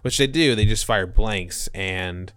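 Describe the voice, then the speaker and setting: Young male podcast co-host, low, smooth-toned, jokey rambling recap. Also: fairly bright tone, no room sound. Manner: rambling, jokey, quick to mock accents. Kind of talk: casual movie recap chat.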